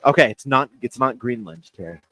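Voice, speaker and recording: A man co-hosting a sports radio show in a laid-back, teasing way, laughing often. His mid-range voice rises and falls in a lively way. The studio sound is dry and close. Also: mid-range voice, fairly quick, no echo. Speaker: radio co-host. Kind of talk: casual sports radio banter.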